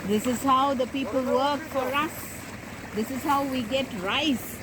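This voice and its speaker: A woman with an Indian English accent talks to small children in a high voice that sits well above most women's. She speaks slowly and in a sing-song way, coaxing them with questions. The recording is outdoors, with faint farmyard sounds and animals behind her. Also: background noise. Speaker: kindergarten teacher. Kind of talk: outdoor nature talk to young children. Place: outdoors in a village field.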